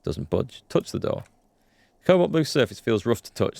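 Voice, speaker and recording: A man's voice: on the low side, big pitch swings, a little fast, creaky, a little mellow, no room sound. A man hosting a let's play, reading game text aloud with wry asides. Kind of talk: reading game dialogue and commentary.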